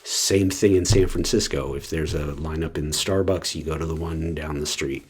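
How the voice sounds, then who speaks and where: Low husky-voiced man rambling casually. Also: normal speed. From West Coast of the US. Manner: rambling, with many fillers and restarts. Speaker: vlogger. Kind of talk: casual talk to camera.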